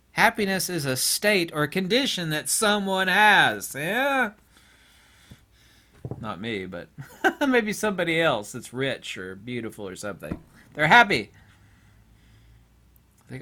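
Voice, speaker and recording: Host type, male, sardonic philosophical rambler, lively pitch, chuckles at himself. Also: moderate pace. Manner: sardonic, laughs at own jokes, acts out mock dialogues; swings from quiet mutters to loud high exclamations. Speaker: channel host.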